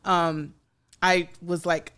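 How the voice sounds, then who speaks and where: A woman's voice: on the low side, slow, smooth. A woman in her forties, a guest artist telling stories in a casual studio podcast interview, chatty and full of fillers. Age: 40s. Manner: chatty, lively storytelling with frequent fillers and laughter.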